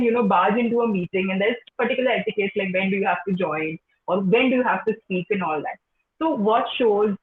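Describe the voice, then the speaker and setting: A woman's voice: a little high, a little hiss or hum. A young woman with an Indian English accent, a teacher answering interview questions in a chatty way, full of "you know". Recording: echoey phone-like call line.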